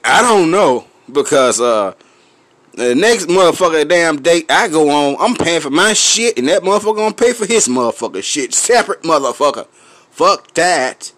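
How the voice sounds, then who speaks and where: A man with a Memphis accent ranting to his viewers, full of cursing, laughing and clearing his throat as he smokes. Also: a little high, no room sound. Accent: Memphis Southern US. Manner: loud, profane, laughing between lines; smoking, clears throat often. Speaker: vlogger. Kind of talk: profane rant to camera.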